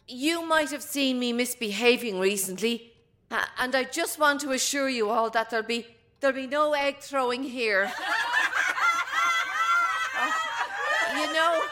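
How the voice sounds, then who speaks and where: A woman's voice: high-pitched, a bit bright. An actress in her seventies with an Irish accent playing a fierce, defiant grandmother in prison. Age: 70s. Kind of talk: film drama acting.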